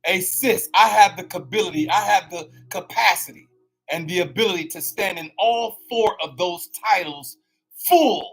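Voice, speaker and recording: Man, middle-aged, podcast host, motivational, slangy, a touch high-pitched. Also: normal speed, breathy edge, low-quality recording. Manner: preachy, animated, colloquial with slang. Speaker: podcast host and health coach. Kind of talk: casual motivational podcast talk.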